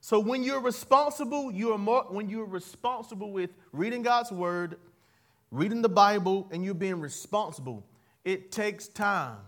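A man preaching a sermon, leading the congregation in call-and-response, moving between soft asides and loud emphatic lines, laughing at his own jokes. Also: high-pitched, normal speed. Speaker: pastor.

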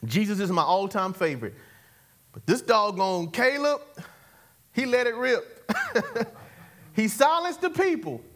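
A man's voice: high-pitched, lively intonation, unhurried, long pauses, a bit bright. A male preacher giving a sermon, leading call-and-response with the congregation and repeating catchphrases as he exhorts them. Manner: exhorting, repeats catchphrases, chuckles between points.

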